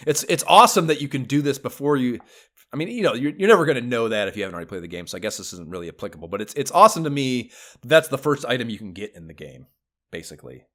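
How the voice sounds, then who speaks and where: A man co-hosting a podcast, chatting casually about retro video games, excitable, swearing freely and laughing often. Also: mid-range voice, racing. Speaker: podcast co-host.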